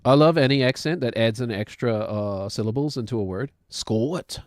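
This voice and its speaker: A man's voice: medium pitch, brisk, a little mellow, no echo, studio quality. A man in his thirties with a New Zealand accent, chatting casually while he plays a game and cracks self-mocking jokes. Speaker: streamer.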